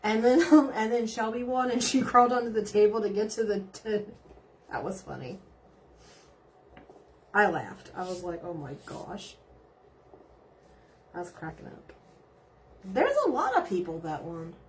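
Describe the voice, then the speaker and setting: A woman's voice: medium pitch, animated, moderate pace, pauses often, slight background noise. A middle-aged woman, chatting casually on a live stream and reading out viewer comments, bubbly and giggly. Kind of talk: casual chat.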